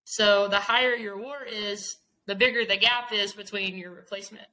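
A woman co-hosting a podcast, upbeat and excitable as she chats about baseball. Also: mid-range voice, moderate pace, low-quality recording. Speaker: podcast co-host. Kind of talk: casual sports chat.

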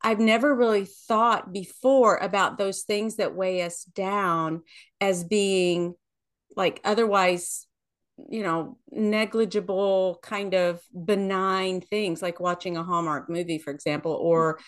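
A woman with a mid-range voice hosts a relaxed talk. She reflects openly on her own habits before asking thoughtful follow-up questions. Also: medium pitch, slow pace. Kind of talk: conversational interview.

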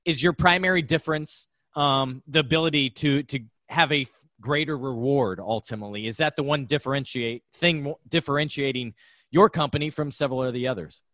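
A male podcast host asks questions conversationally. His voice is bright and forward, and the recording is dry and close. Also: mid-range voice, a little fast, no room sound. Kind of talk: podcast interview.

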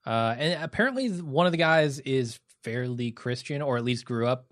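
A man's voice: medium pitch, animated, moderate pace, a bit bright, no echo, studio quality. Laid-back Midwestern man recapping TV. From American Midwest. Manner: laid-back, profane, laughs often. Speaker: podcast co-host. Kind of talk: casual TV recap chat.

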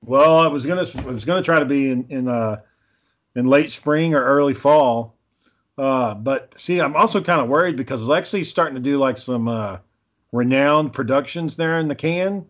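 A man's voice: mid-range voice, moderate pace, fairly bright tone, muffled recording. A man telling rambling stories in a casual chat, swearing constantly, an amateur filmmaker. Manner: rambling storyteller, heavy swearing.

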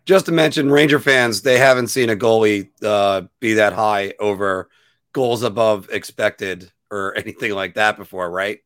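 On a casual hockey podcast, a male co-host pokes fun at himself and laughs at his own slip-ups while he talks. His voice is fairly low and fairly bright, with mostly even intonation and a normal speed, recorded at studio quality with no echo.

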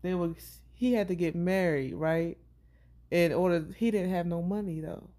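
A woman co-hosting a podcast in casual chat, laid-back and quick to laugh. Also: on the low side, warm tone. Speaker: podcast co-host.

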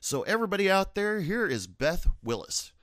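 A young man hosting a podcast, telling jokes and stories in a casual, animated way. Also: high voice, normal speed, no room sound, clean studio sound. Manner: animated storytelling, joking. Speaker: podcast host. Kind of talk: casual chat.

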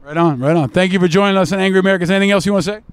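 A man hosting a podcast, interviewing passersby on a city street with quick joking banter. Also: high-pitched, clean tone.

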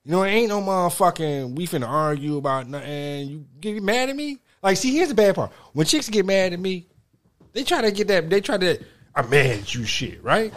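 Man, podcast co-host, heated profane rant, lively up-and-down voice, slightly high. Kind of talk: casual chat.

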